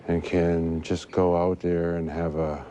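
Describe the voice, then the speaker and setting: A man answering questions as a guest in a studio interview, talking haltingly with many fillers and a stutter. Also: deep voice, level tone, dark tone, slight background noise. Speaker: guest researcher.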